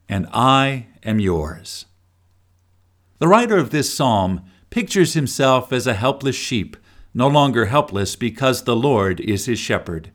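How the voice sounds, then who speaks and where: A middle-aged man reads a daily devotional aloud at an unhurried, measured pace. His voice swings widely in pitch, rising and falling with feeling. The reading is earnest and carefully scripted. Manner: slow, earnest reading with expressive rises and falls. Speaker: devotional speaker.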